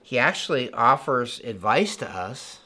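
A man preaches in a loose, conversational sermon style, circling back and repeating himself as he builds each point. His voice is bright and forceful, sitting at an ordinary male pitch. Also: unhurried. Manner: conversational and animated, with laughs and repetitions. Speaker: pastor.

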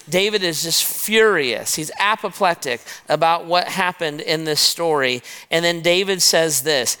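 A man preaching a sermon, retelling a scripture story in a lively way and talking straight to his listeners as "guys". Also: on the high side, a little slow, hardly any pauses, clear, resonant tone. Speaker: pastor. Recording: long reverb of a large hall.

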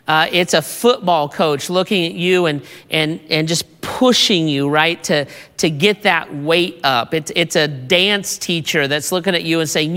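A pastor preaching a sermon, deliberate and repeating words as the points build. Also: medium pitch, sharp tone, clean tone. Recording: long reverb of a large hall.

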